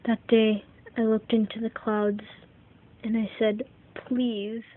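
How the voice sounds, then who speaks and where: A woman's voice: fairly high pitch, completely flat delivery. A woman narrating a home-made toy story in the first person, in an earnest, heartfelt way. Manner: earnest, slow, heartfelt telling. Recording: tinny phone-like recording, faint hiss.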